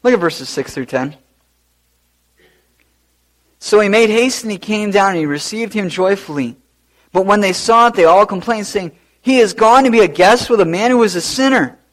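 A man delivers a sermon from the pulpit with a high, lively voice. He swings from quiet asides to loud, emphatic questions. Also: normal speed. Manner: animated, rising to loud emphasis. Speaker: pastor.

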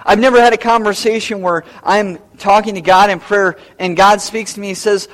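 A man's voice: high-pitched, steady tone, moderate pace, a bit bright. A man preaching a sermon as pastor, emphatic and repeating key phrases.

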